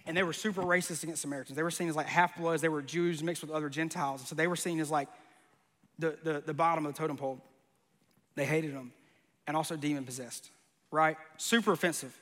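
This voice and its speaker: A man's voice: a little high, steady tone, fast, fairly bright tone, big-room sound. A man preaching a sermon, conversational and joking, with bursts of emphasis. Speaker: pastor.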